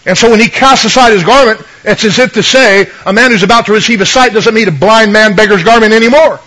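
A man's voice: sits high, quick pace, bright, forceful tone, low-quality recording. A man preaching a conversational sermon as pastor, retelling scripture stories and asking the congregation for amens.

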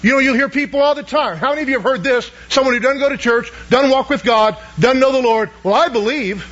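High-voiced emphatic man preaching. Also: quick pace, fairly bright tone, highs cut off. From Southern United States. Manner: emphatic, asks the congregation questions. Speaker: pastor. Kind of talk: sermon.

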